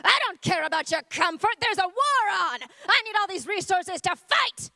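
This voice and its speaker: A woman voicing a gruff male army general who barks orders, in a comic stage monologue. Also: very high-pitched, lively intonation, moderate pace, bright, forceful tone, pitched above the performer's own voice, heavily acted. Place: theater stage. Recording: long theater reverb.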